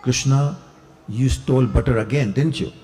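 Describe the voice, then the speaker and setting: A man voicing Mother Yashoda, a loving mother who gently scolds her son. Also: mid-range voice, moderate pace, reverberant, lightly acted. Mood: tender scolding.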